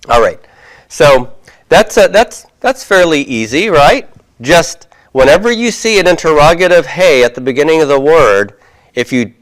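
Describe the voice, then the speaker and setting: A man teaching a Hebrew grammar lesson, explaining slowly with many fillers and frequent "okay?" check-ins while he writes on a board. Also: medium pitch. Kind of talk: recorded classroom lecture.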